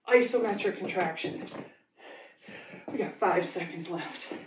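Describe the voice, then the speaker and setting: A woman's voice: medium pitch, unhurried, pauses often, slight background noise. A woman fitness instructor leading a workout class, encouraging and giving short commands. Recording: dull roomy sound, mic at a distance.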